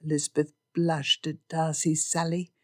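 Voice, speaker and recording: A woman narrates a Regency-style romance audiobook. Her storytelling is even and measured. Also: low voice. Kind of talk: scripted narration.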